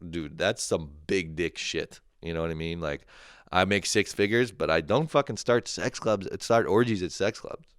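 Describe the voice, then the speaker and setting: Deep-voiced man ranting crudely. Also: normal speed, clean tone, no room sound, clean studio sound. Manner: profane, laughing, shifts into shouted mock quotes. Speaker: comedy podcast host. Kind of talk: crude solo comedy podcast rant.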